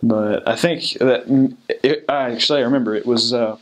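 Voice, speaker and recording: With a mid-range voice at a moderate pace, a young returned missionary from the United States chats casually. He gives advice and tells stories loosely, often restarting and leaning on fillers.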